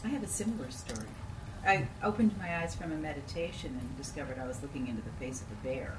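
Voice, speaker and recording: A woman in a group, telling a story quickly and plainly. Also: low-pitched, lively intonation. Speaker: group participant. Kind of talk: sharing a story in a group discussion. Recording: distant, roomy, noisy.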